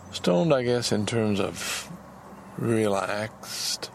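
A man recording a personal audio diary as a podcaster, talking frankly in a halting way, repeating words and restarting his sentences. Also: on the low side, creaky, a little hiss or hum.

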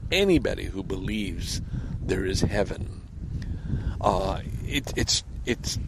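A man's voice: fairly low pitch, gravelly, slight background noise. A man delivering a rambling, heated monologue outdoors by a lake. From Canada. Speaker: vlogger.

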